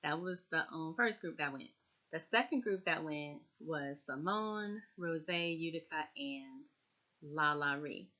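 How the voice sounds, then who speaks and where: A woman's voice: sits low, unhurried, sharp tone, lo-fi sound. A woman chatting casually as a TV recap vlogger, repeating herself and talking straight to her viewers.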